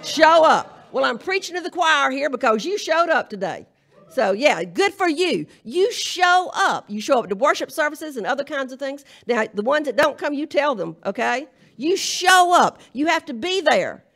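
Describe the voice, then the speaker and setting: A woman's voice: high voice, big pitch swings, normal speed, gravelly, a bit bright. A woman minister with a Southern US accent, delivering a humorous, emphatic charge to a congregation at a live church service. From Southern United States. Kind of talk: folksy sermon-style charge.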